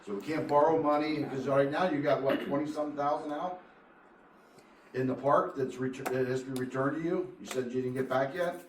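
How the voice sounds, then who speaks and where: Man, fast and blunt, pressing questions, echoey meeting hall, distant mic. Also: medium pitch, steady tone, slight background noise. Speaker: resident addressing council. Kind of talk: public comment at a council meeting. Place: municipal meeting room.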